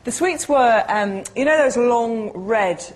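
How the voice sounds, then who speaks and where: A woman's voice: on the high side, lively intonation, takes it slowly. A woman guest on a comedy panel show, telling a story hesitantly while searching for words.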